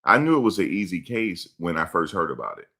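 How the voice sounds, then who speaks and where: A man's voice: sits low, very animated, brisk, creaky, bright, forceful tone. A man hosting a casual commentary show, blunt and emphatic, repeating his points. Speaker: host.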